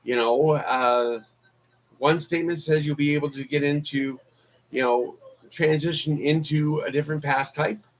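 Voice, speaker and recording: A man's voice: fairly high pitch, fairly even intonation, moderate pace, low-quality recording. A man chatting casually on a live stream as a vlogger, rambling with many fillers and restarts. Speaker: YouTube vlogger.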